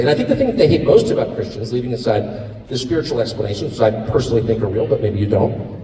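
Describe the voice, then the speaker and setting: A middle-aged American man giving a live speech at an event, speaking in a sarcastic, mocking, animated way. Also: mid-range voice, slight background noise. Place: large hall with live audience. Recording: echoey hall recorded from far off in audience.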